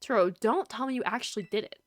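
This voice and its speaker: A woman's voice: on the high side, fast talker, no echo, studio quality. A woman streaming a video game, chatting casually with her viewers, teasing and laughing often.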